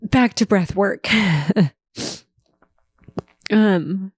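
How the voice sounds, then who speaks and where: A woman's voice: medium pitch, extremely slow, a little mellow, dry recording. A woman hosting her own podcast, telling a personal story in a heartfelt, faith-focused way. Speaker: podcast host.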